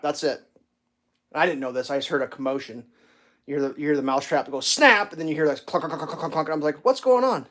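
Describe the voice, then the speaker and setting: Rambling casual man chatting to his viewers. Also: fairly high pitch. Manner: rambling storyteller, stammers on restarts; baby talk with his cat. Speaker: livestream host. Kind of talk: casual chat.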